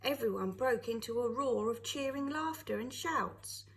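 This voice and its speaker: A woman, a teacher, reading a children's novel aloud with expressive storytelling. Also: a little high, moderate pace, low-quality recording.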